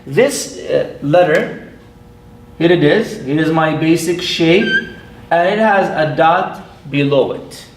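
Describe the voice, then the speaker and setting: Man, imam, classroom lesson, unhurried, patient, playful, reverberant room. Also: on the high side. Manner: patient, playful, repeats sounds slowly. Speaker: imam teaching Arabic. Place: mosque classroom. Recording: echoey room.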